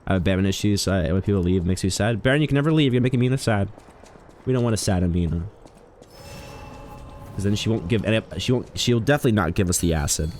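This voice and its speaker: A man streaming a video game, chatting casually with viewers, swinging between low mumbles and sudden loud, sweary outbursts. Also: lively intonation, quick pace, a little hiss or hum. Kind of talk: casual live gaming commentary.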